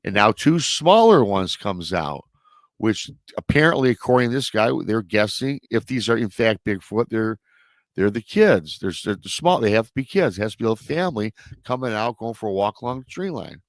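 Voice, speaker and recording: A man's voice: on the low side, very animated, normal speed, dry recording. A male host telling a story in a casual, rambling way, full of restarts and stock filler phrases. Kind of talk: casual storytelling on a live show.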